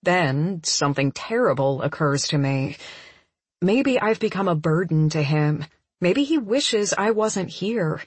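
A woman narrating a first-person audiobook in an intimate, emotional, measured way. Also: fairly low pitch, lively intonation, breathy edge, no room sound.

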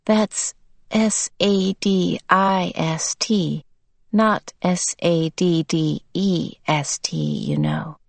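Creepy monotone possessed boy, slow and deliberate, storybook villain, read by a woman. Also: fairly low pitch, creaky, no room sound, heavily acted. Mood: menacing. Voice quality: monotonous, flat. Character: possessed little boy, cold, sinister, monotonous.

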